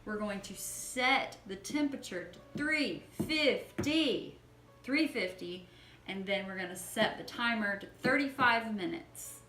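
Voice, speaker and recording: Bright, chirpy young woman baking at home. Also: medium pitch, measured pace, soft background music. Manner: playful, self-deprecating, trips over words. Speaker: home baker vlogger. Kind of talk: casual cooking vlog. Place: home kitchen.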